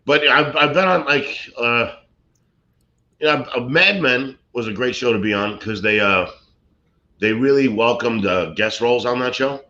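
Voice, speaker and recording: A man's voice: mid-range voice, a little slow, bright, forceful tone. A man, an actor and comedian from Brooklyn, telling rambling showbiz stories in casual chat with many fillers and restarts. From Brooklyn, USA. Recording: dull lo-fi sound.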